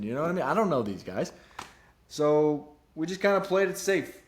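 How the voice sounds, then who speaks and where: A man's voice: medium pitch, moderate pace. A young man hosting his own golf betting show, rambling casually and joking at his own expense. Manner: rambling and self-deprecating, jumps between serious and goofy. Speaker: podcast host giving golf betting picks. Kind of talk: casual solo commentary.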